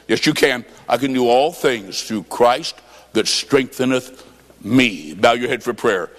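A man preaching a revival sermon, telling a story and then calling people to prayer, with dramatic swings from quiet lines to shouting. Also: mid-range voice, sing-song, slow pace. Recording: long hall reverb.

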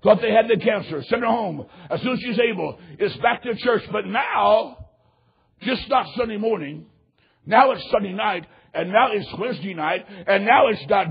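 A male pastor with a high, gravelly, very raspy voice, preaching with fervor. He drops to hushed tones, then rises to shouted, impassioned peaks. The recording is dull and lo-fi. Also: animated, normal speed. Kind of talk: sermon with altar call.

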